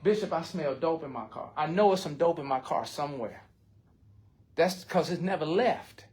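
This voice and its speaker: A man's voice: on the high side, lively intonation, normal speed, darkish tone. An older man, speaking bluntly and with heart in a recovery support circle, often swearing. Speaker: recovery group member.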